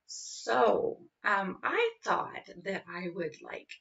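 A woman's voice: mid-range voice, sing-song, drawn-out words, creaky, a bit bright, far from the mic, muffled recording. A woman in her forties in a casual personal vlog, talking in a rambling way with many fillers and restarts. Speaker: vlogger.

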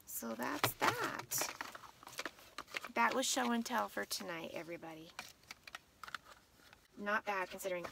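A woman's voice: mid-range voice, animated, measured pace, vocal fry, long pauses, far from the mic, heavy background noise. A tired woman vlogger chatting casually at night, half asleep and rambling as she shows her things. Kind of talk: casual late-night vlog chat.

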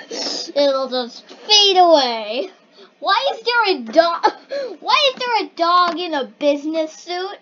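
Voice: very high-pitched, big pitch swings, slow pace, a bit bright. A young kid casually reading odd quotes aloud and then puzzling over them, sounding bemused and giggly. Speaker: video maker reacting to generated quotes. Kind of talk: casual reaction commentary. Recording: dull lo-fi home recording with faint hiss.

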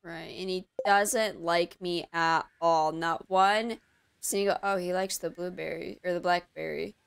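A woman's voice: fairly low pitch, fairly even intonation, measured pace, gravelly, clean tone. A woman streamer in a casual gaming stream, groggy and out of it, sarcastically cursing at game characters.

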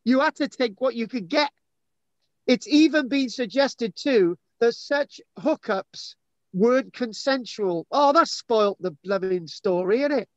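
A man hosts with a high, jokey voice, teasing his guests and wandering off topic as he reads. The sound is dry and dull, like a lo-fi recording. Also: animated, unhurried, dry recording. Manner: teasing, rambling, self-mocking. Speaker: host. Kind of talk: jokey live chat and reading aloud.

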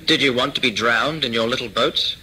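A man's voice: medium pitch, brisk, sharp tone, slight background noise, low-quality recording. Man reading as a stubborn ship captain. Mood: pleased.

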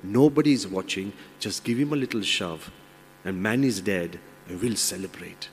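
A man's voice: sits low, normal speed, a little hiss or hum, pitched below the performer's own voice, lightly acted. A man doing a coaxing fable lion. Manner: coaxing, persuasive. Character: tempting lion, king of the jungle. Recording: long hall reverb.

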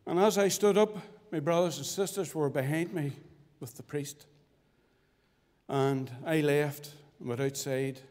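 Man, fervent preaching, sudden loud-to-hushed swings, slightly high voice, long church reverb. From Northern Ireland. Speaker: testimony speaker at a church. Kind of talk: preached testimony. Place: church hall.

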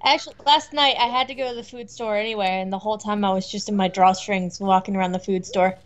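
A woman chatting casually while playing a video game with a friend, laid-back and quick to say dude. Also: mid-range voice, fairly even intonation, highs cut off. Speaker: game co-host. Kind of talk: casual gameplay chat.

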